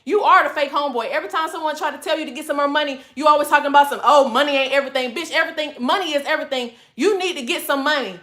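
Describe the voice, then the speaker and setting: A high, bright woman's voice holds a sassy, scolding livestream rant. She keeps her delivery deliberately calm, tossing "honey" at her viewers again and again. The sound bounces around an echoey room. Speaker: livestream host.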